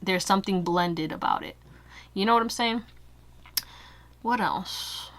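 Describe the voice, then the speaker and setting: A young woman giving a casual pick-a-card tarot reading, chatty and quick to laugh, full of fillers. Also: mid-range voice, a bit bright. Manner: chatty, laughs often, many fillers like "like" and "you know". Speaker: tarot reader.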